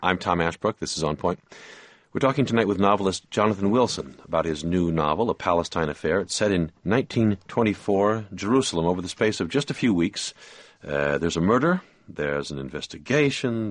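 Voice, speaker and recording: A man with a fairly low voice hosts a radio interview show. He talks in a measured, probing way into a dry studio mic. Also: no echo. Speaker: radio talk show host. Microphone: studio microphone.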